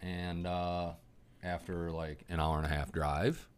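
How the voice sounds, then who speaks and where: A man with a remarkably low, rumbling voice tells a hunting story in a loose podcast chat. He talks with lively energy and swears freely. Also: takes it slowly, clean tone.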